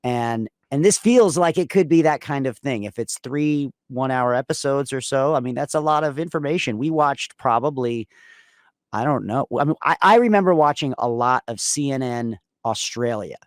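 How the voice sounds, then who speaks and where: A man's voice: medium pitch, expressive, normal speed, dry recording, studio quality. A man co-hosting a casual podcast, talking in long rambling sentences with frequent restarts. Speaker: podcast co-host.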